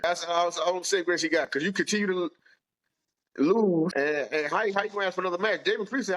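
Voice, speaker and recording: High-voiced man in animated wrestling banter. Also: fast, low-quality recording. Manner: animated, drawling Southern slang, retells his own reactions. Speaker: podcast co-host. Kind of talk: casual wrestling chat.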